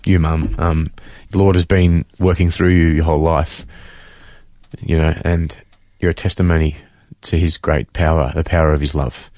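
Deep-voiced earnest man. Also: flat delivery, darkish tone, dry recording. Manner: earnest, halting with many fillers. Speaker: interview guest, son of the guest. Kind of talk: emotional testimony, reading a letter aloud. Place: radio studio.

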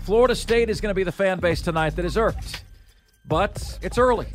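A man hosting sports talk radio, running an energetic countdown and calling his listeners "folks". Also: high-pitched, normal speed, faint music behind.

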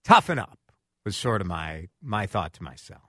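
Man radio host, animated storyteller, bright tone, dry close mic. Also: sits low, normal speed, no room sound. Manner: animated storytelling, acts out quotes. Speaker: radio talk show host. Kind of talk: casual radio chat.

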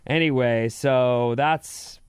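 A man co-hosting a talk show, bantering and reading out news items with a dry, sarcastic wit. His voice is smooth and resonant. The sound is close and dry, as from a studio mic. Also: mid-range voice, slow, dry recording. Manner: wry, sarcastic. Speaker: radio show co-host.

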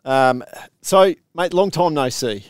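A man's voice: fairly high pitch, takes it slowly, smooth, no echo, clean studio sound. An Australian man hosting a casual sports podcast, chatty and rambling, often restarting his sentences. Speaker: podcast host. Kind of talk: casual chat.

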